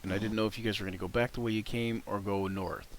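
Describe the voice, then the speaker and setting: A man's voice: lowish voice, steady tone, fast, background noise. A man running a tabletop game as game master on a live stream, casual and rambling, laughing often.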